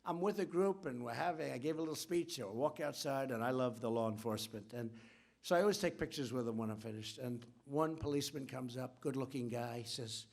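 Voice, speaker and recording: A man's voice: mid-range voice, fairly quick, creaky, a little mellow. A man giving an off-the-cuff political speech at a podium in a large conference hall, rambling and repeating himself with boastful asides.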